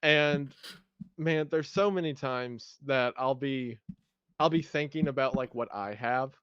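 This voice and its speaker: A man's voice: medium pitch, measured pace, a bit bright, smooth, dry recording, lo-fi sound. A man hosting a podcast, talking in a casual, heartfelt way and reading scripture aloud with feeling. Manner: emotional, enthusiastic, reads scripture aloud with feeling. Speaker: podcast host.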